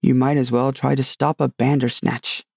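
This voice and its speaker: A man's voice: mid-range voice, level tone, moderate pace, gravelly, darkish tone, breathy edge, no room sound, clean studio sound. A man voicing a fussy, flustered old king in a storybook reading. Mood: fretful.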